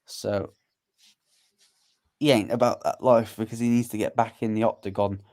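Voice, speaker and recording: A man's voice: lowish voice, flat delivery, a little mellow. Eager man co-hosting a fight chat. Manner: eager, opinionated, quick to predict matchups. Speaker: co-host. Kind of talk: casual fight commentary chat.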